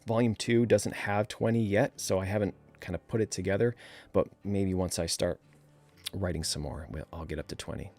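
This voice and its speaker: Man, New England accent, very low voice, casual livestream chat, soft music behind. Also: moderate pace. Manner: relaxed, chatty, laughs often, many fillers. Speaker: livestream host.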